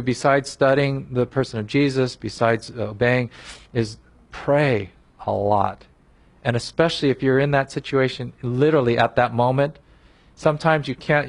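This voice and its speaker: An earnest male pastor preaching a sermon, pressing his points with emphasis and often restarting his phrases. His voice sits at an ordinary middle pitch. He closes by leading a heartfelt prayer.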